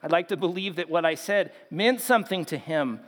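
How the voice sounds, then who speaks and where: A man's voice: a little high, animated, a little fast. A man preaching a casual, story-driven sermon to young people, acting out the voices of people he quotes. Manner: conversational storytelling, acts out quotes. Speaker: youth pastor. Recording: long hall reverb.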